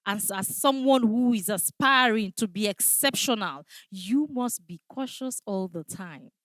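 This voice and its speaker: A woman's voice: medium pitch, lively intonation, measured pace, a bit bright, no echo. A woman teaching a customer service training class, speaking emphatically and often checking in with "all right?". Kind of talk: training lecture.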